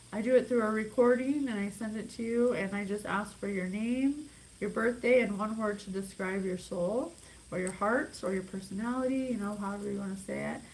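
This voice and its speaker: A woman's voice: on the high side, a little mellow, a little hiss or hum, rough recording. Worked-up woman giving a psychic reading. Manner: intense, emphatic, worked up. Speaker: psychic reader. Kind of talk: channeled reading monologue.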